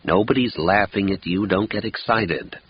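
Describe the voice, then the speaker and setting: A man reading an audiobook voices a calm, stern, big-bodied male friend with an unhurried, dry, teasing manner. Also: on the low side, a little hiss or hum, close to an everyday voice. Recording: dull lo-fi audiobook recording.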